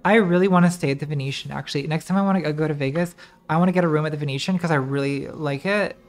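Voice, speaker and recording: A woman's voice: deep voice, racing, darkish tone. A woman streamer giving casual, rambling commentary while playing a game, distracted and swearing as she talks to herself.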